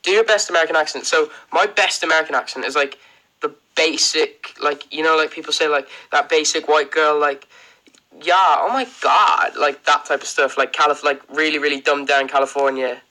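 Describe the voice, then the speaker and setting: Brief: Irish guy, fairly high, crisp bright voice, loose rambly livestream Q&A host. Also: steady tone, a little fast, poor audio. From Ireland. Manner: chatty, rambling, frequent "um" and "like", laughs often. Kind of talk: casual livestream Q&A, reading out viewer comments.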